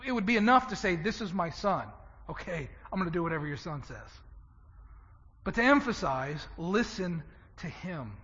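A man preaching a sermon, swinging from loud emphatic lines to hushed ones. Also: high voice, long reverb tail, muffled recording. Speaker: pastor.

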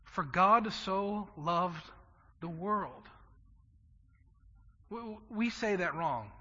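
Impassioned husky preacher in echoey hall. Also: male voice, high-pitched, animated, drawn-out words, bright, forceful tone. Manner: impassioned, stammering repeats for emphasis. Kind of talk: sermon. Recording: echoey hall, dull lo-fi sound.

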